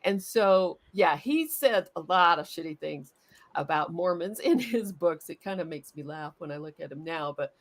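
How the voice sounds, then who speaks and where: A woman's voice: fairly low pitch, lively intonation, moderate pace. A woman on a panel telling an anecdote in casual chat, chatty and swearing, with many "you know" fillers.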